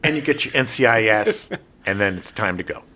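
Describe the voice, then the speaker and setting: A man co-hosting a podcast, chatting casually and quick with jokes. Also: fairly low pitch, animated, bright, forceful tone. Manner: wisecracking, quick to joke. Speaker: podcast co-host. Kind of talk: casual chat.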